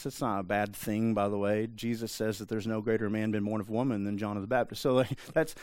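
A man's voice: fairly low pitch, steady tone, fairly quick, hardly any pauses, a little mellow, dry recording, studio quality. A man preaching a sermon in a conversational way, often adding asides and checking in with the listeners. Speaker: pastor.

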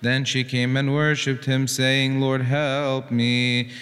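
Man reading scripture in even tones. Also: mid-range voice, long reverb tail. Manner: measured, reverent reading. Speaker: gospel reader. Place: church.

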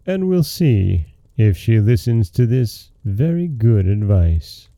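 A male podcast host reading a fairy tale in a calm, measured way. His voice is very dark and mellow with a gravelly rasp, set in a dry, close recording with no room sound. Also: lowish voice, no echo. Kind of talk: scripted fairy-tale narration.

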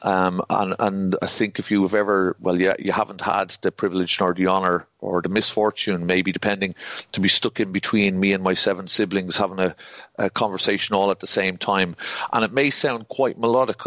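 An Irish man with a lowish voice tells stories in a lively, joking way as a podcast guest. The sound is dry and a little dull. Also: no room sound. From Ireland. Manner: lively, jokey, quick-talking. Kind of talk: casual chat, storytelling.

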